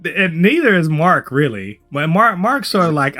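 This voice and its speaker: Animated, bright-voiced man. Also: fairly high pitch, moderate pace, soft background music. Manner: animated, profane, lots of restarts. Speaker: podcast co-host. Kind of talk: casual review chat.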